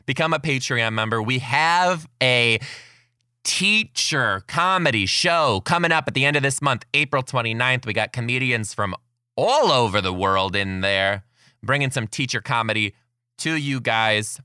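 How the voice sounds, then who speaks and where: A man hosting his podcast and telling classroom stories as a kindergarten teacher, chatty and excitable, laughing often. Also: mid-range voice, unhurried, smooth, no echo, clean studio sound. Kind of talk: casual storytelling monologue.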